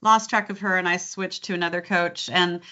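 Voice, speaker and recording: A woman's voice: on the low side, fairly even intonation, moderate pace, pushed and bright, dull audio. A middle-aged woman from California with a Californian accent, chatting as a guest dialect coach and slipping briefly into regional accents. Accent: Californian American. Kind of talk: casual interview chat.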